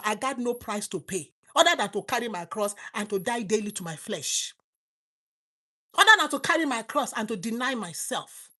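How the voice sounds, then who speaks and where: A middle-aged Nigerian woman preaching a fervent sermon to online viewers, swinging between loud exclamations and low asides. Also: expressive, moderate pace.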